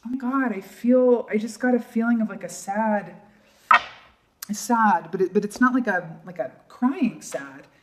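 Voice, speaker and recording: A woman doing a tarot reading for her viewers, talking softly and emotionally, with many fillers and trailing pauses. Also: medium pitch, very noisy. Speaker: tarot reader. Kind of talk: casual tarot reading to camera.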